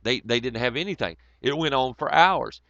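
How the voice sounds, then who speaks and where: A man rambles and swears through a casual livestream rant, laughing often. His voice is bright and forceful. The audio is dry and a bit muffled, like lo-fi stream sound. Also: medium pitch, lively intonation, moderate pace, vocal fry, no echo.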